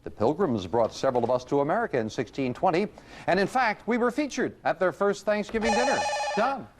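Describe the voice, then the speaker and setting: A man's voice: high-pitched, lively intonation, fairly quick. A man hosting a quiz show, reading clues and joking with the contestants. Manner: jovial, playful banter with contestants. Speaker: game show host. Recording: 1980s TV broadcast with loud audience and noise.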